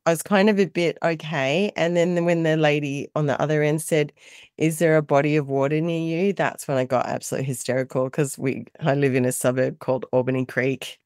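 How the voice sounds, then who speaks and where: A middle-aged Australian woman, a mother and carer, telling animated stories in a casual interview and laughing often. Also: deep voice, a little fast, no echo, studio quality.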